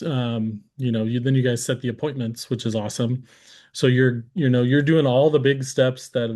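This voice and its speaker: A man hosting a casual live-stream interview. He talks in a relaxed, rambling way, with many fillers and restarts. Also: medium pitch. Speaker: host.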